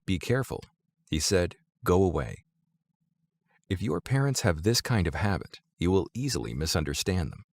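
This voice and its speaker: A man with a very low, gravelly voice reads spiritual teachings aloud. His delivery is measured and deliberate, but his pitch rises and falls in a lively way. The sound is dry and close, with no room echo. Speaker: narrator reading Zen teachings. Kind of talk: audiobook-style reading of a spiritual text.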